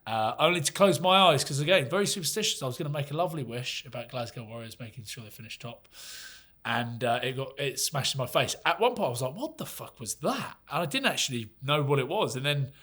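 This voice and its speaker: Man, casual podcast chat, lively laughing storyteller, swears a lot, mid-range voice. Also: mid-range voice, fast talker, breathy edge. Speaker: podcast co-host.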